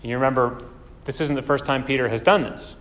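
A man's voice: mid-range voice, steady tone, fast talker, a bit bright. A man preaching a sermon in a conversational way, often asking rhetorical questions. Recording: long hall reverb.

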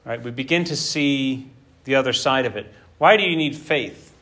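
A man preaching an expository sermon in an animated, conversational way, acting out the scripture. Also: mid-range voice, moderate pace.

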